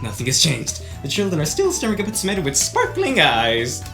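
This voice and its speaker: A man's voice: a little high, huge pitch swings, fairly quick, music in the background. Playful young male gaming narrator. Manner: playful, dramatic, laughs between lines. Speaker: gaming YouTuber. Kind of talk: let's play narration of a visual novel.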